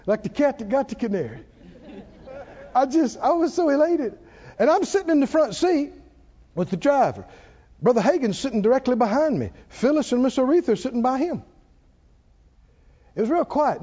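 An elderly preacher with a high, swooping voice gives a sermon full of stories and frequent laughter, urging his congregation to respond. His tone is warm and mellow, and the church recording sounds dull and lo-fi.

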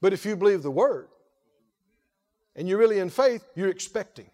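A male pastor preaching a lively sermon, often laughing and calling out to the congregation. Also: high-pitched, normal speed. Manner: animated, laughing, call-and-response preaching.

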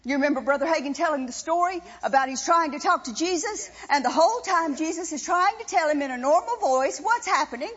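A woman's voice: high-pitched, animated, a little fast, few pauses, a bit bright. A woman preaching a sermon with impassioned, emphatic repetition. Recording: dull sound with long reverb in a hall.

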